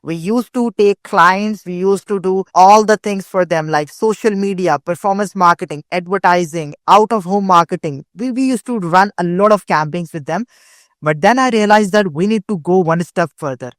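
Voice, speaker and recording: A young Pakistani man who owns a digital marketing agency tells his career story as a guest on an interview show, earnest and casual, often restarting phrases. His voice sits high at a normal speed, recorded with studio quality and no room sound.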